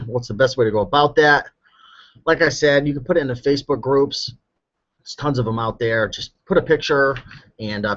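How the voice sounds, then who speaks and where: Chatty man on dull lo-fi audio. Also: medium pitch. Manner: relaxed, chatty, with many ums and you-knows. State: slightly hoarse. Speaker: clothing reseller answering live chat. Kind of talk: casual live-stream chat.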